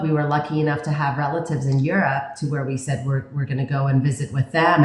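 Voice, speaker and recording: Low-voiced woman from Iran, roomy sound. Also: a little mellow. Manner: earnest, talks in restarts and lists. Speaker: guest. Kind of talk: casual interview, personal story. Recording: roomy echo.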